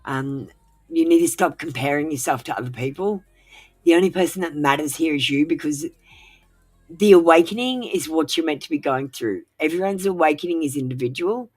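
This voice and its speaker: Unwell woman, low voice, blunt casual livestream chat, faint music bed. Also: normal speed, a little mellow. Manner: frank and blunt, swears freely, many fillers. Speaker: tarot reader on a livestream. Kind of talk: casual livestream advice talk.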